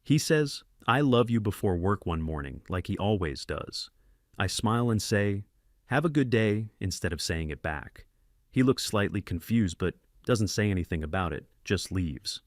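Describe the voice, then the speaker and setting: A man's voice: low voice, no echo, studio quality. A man narrating a first-person story in terse, clipped sentence fragments.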